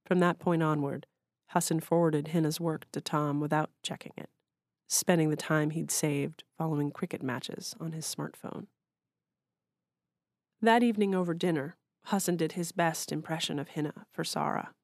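Woman author reading her own fiction: measured, even delivery, low gravelly voice. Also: no echo, studio quality. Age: adult.

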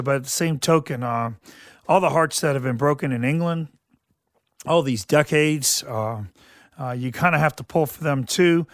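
A man's voice: on the high side, a bit bright, no echo, clean studio sound. A man from southeastern Louisiana, hosting a radio sports talk show in a rambling, folksy way full of fillers and restarts. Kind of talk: casual sports commentary.

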